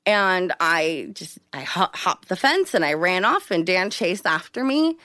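A woman casually telling a personal story in an interview, acting out quoted lines with big jumps in pitch. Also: sing-song, measured pace, hardly any pauses, bright, forceful tone, no room sound, studio quality. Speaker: interview guest.

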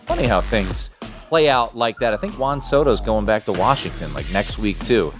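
A man's voice: lowish voice, big pitch swings, moderate pace, soft background music. A man hosting a sports betting talk show, chatting loosely and restarting his sentences often.

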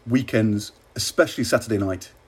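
A middle-aged man from England, a former minister, telling wry, measured stories in an interview. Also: fairly low pitch, husky. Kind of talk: relaxed interview anecdotes.

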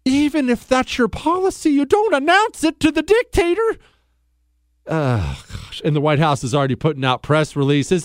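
Animated sarcastic radio host man. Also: fairly high pitch, moderate pace, no room sound, clean studio sound. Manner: sarcastic, animated, mocking impressions. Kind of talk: opinionated talk radio monologue. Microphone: studio microphone.

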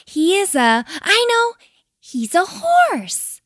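A woman voicing Tiny, an excitable little male kiwi chick in a storybook, eager and bouncy. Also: high voice, measured pace, no room sound, studio quality, voice pushed up, full character voice. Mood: excited.

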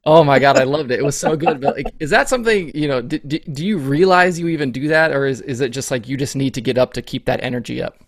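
A man in a mid-range voice hosts a casual interview. He talks fast and chatty, with easy fillers. The sound is dry and close. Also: medium pitch, no room sound. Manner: chatty, upbeat questions with "like" fillers. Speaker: podcast host, interviewer.

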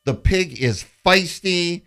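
A man's voice: high-pitched, expressive, slow, vocal fry, pushed and bright, clear, resonant tone. A man co-hosting a sports radio show, telling a story in casual banter and acting out the people he quotes.

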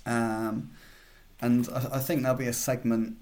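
A man's voice: mid-range voice, flat delivery, unhurried, darkish tone. Chatty man, podcast co-host. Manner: chatty, hesitant, many restarts and fillers. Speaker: podcast co-host, football journalist. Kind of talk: casual podcast chat.

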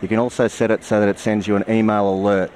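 A man's voice: fairly low pitch, little pitch movement, fast talker, a little mellow, a little hiss or hum. An Australian man being interviewed on a radio show, explaining things plainly, with many fillers and restarts. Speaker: guest, security company marketing manager.

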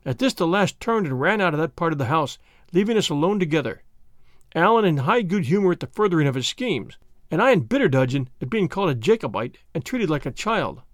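A man narrating a classic novel in a measured, expressive storytelling manner into a close studio mic. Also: on the high side, no echo. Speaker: audiobook narrator.

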